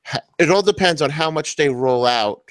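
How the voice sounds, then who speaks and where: A man's voice: a little high, moderate pace, fairly bright tone, dry recording. A man co-hosting a casual podcast, giving short agreeing replies and dry quips. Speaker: podcast co-host. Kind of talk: casual round-table chat.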